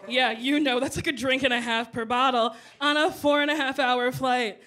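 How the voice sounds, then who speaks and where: A woman's voice: sits high, normal speed. A woman comedian telling a stand-up story, acting out the voices of the people in it. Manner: animated, playing out voices of people in her story.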